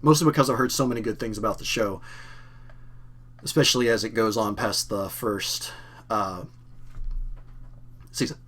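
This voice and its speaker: Here the young Kentucky host sounds lowish yet fairly bright, with fairly even intonation, a normal speed, and long pauses. His faint Southern accent carries a rambling, casual live-stream Q&A thick with fillers and self-corrections.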